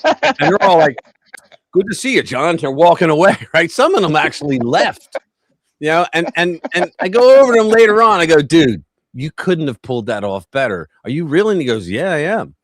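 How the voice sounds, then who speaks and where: Casual male co-host, animated storyteller who acts out the voices, very dry sound. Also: fairly high pitch, brisk, dry recording.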